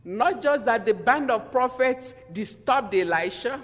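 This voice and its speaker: Man, preacher, high voice, slow unhurried delivery, animated sermon, questions to the congregation, long church reverb. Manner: animated, acts out quotes in different voices.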